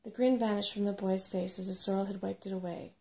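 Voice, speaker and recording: A woman reads a storybook aloud in soft-spoken ASMR style, gentle and unhurried. Her medium-pitched voice carries a light gravelly texture and fairly even intonation.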